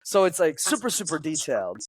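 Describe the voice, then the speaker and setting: A public speaking coach appears as a podcast guest, speaking with animation at a fairly high pitch and fairly quick pace. His voice is slightly rough, he acts out quotes in shifting voices, and there's no echo.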